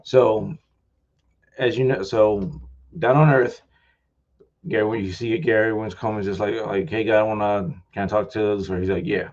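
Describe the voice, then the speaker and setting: A man, an author at a live festival talk, retelling his book in a rambling, excitable way full of "like.". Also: fairly low pitch, normal speed, muffled recording. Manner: rambling, loaded with "like"; excitable, thanks the crowd warmly.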